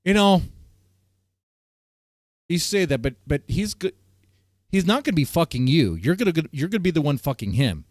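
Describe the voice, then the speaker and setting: A man's voice: on the high side, very animated, moderate pace, long pauses, a little mellow, no room sound, studio quality. A man hosting a casual stream chat, joking crudely and rambling with fillers. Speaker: host.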